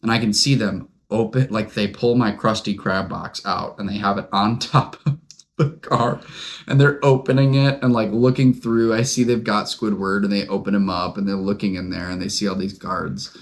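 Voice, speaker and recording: Pitched fairly low and moving at a moderate pace, a young male podcast co-host spins a lengthy anecdote. The chat is casual, and his telling is rambling and lively, full of fillers.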